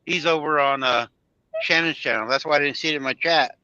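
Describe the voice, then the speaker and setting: A man's voice: on the high side, fairly quick, pushed and bright, clear, resonant tone, dry recording. A man chatting casually on a livestream from his parked truck cab, greeting viewers by name. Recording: dull lo-fi sound.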